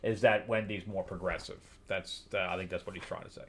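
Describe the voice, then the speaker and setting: A man's voice: steady tone, brisk, slight background noise. Exasperated man laughing through a review. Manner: blunt, exasperated, laughs often, swings from low mutter to loud disbelief. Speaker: comic book review host. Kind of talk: casual spoken review commentary.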